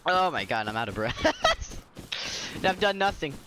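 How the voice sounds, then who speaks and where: A man casually commenting on his own gameplay, excitable and prone to sudden loud yelling and laughter. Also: sits high, noisy background. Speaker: gaming video creator.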